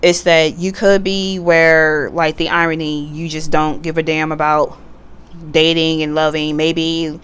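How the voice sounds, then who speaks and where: A woman's voice: low-pitched, level tone, measured pace, fairly bright tone, clear, resonant tone. A woman giving a casual tarot reading at home, chatty and blunt, swearing freely and laughing often. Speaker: tarot reader. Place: at home, sitting back in a computer chair.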